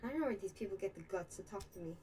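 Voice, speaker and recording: A woman's voice: mid-range voice, animated, racing, darkish tone, a little hiss or hum, low-quality recording. A young American woman hosting a casual livestream, rambling through a story and answering chat comments. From United States. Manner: rambling, chatty, with many fillers and asides. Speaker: livestream host. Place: Israel.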